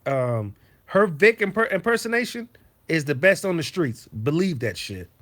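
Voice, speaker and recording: A male streamer talks from his home basement in a slightly high voice. His talk is blunt, profane and full of repetition, in a loose, ranting livestream manner. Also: sing-song, normal speed, a bit bright. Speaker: streamer host. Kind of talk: casual livestream rant.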